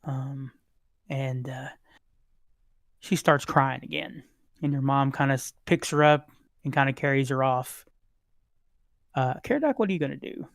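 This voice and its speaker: A man narrating as dungeon master of a tabletop game, halting, with many fillers. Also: mid-range voice, creaky, dry recording, clean studio sound. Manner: relaxed, halting, many fillers, voices characters lightly.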